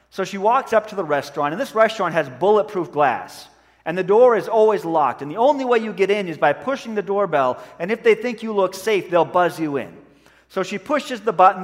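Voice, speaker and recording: A man's voice: high voice, long reverb tail. A man preaching a sermon as pastor, earnest and conversational, telling a story and acting out voices in it.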